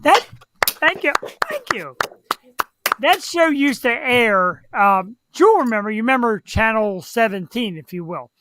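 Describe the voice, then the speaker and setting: A man's voice: very high-pitched, measured pace, noisy background. A man hosting a talk show, telling stories and acting out tough-guy voices. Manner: animated storyteller who acts out tough-guy voices. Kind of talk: casual chat, storytelling.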